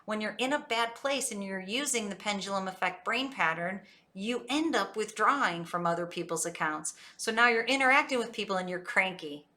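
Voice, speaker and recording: A woman coach giving an energetic, emphatic motivational talk and acting out quotes as she goes. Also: medium pitch.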